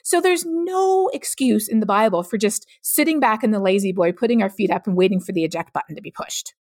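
A middle-aged woman, a climate scientist guest on a podcast, explaining her views in an earnest, measured way. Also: medium pitch, lively intonation, darkish tone, no room sound, clean studio sound. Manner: earnest, explanatory, laughs easily. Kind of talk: podcast interview.

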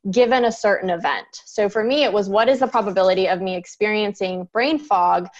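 A woman's voice: medium pitch, brisk, highs cut off. A woman behavior analyst, a guest in an interview, explaining her work earnestly and laughing lightly now and then. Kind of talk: interview conversation.

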